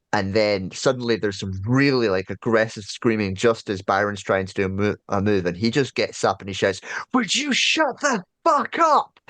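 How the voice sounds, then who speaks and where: A man's voice: on the low side, dry recording. A man narrating as game master of a tabletop horror game, telling the scene with many fillers. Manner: lively storyteller, many fillers.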